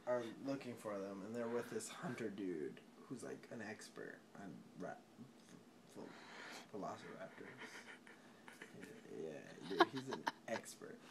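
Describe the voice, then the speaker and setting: A man's voice: on the low side, expressive, unhurried, noisy background. A drunk young man retelling a film in a rambling, swearing way, often laughing and tripping over his words.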